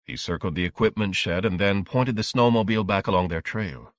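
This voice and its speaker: Low-voiced man narrating an audiobook. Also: no room sound, clean studio sound. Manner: measured, dramatic storytelling.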